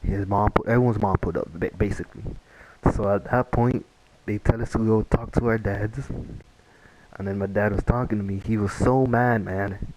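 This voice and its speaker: Low flat-voiced young man rambling. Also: moderate pace, background noise. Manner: rambling, repeats himself, many fillers. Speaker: vlogger. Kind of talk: casual story time.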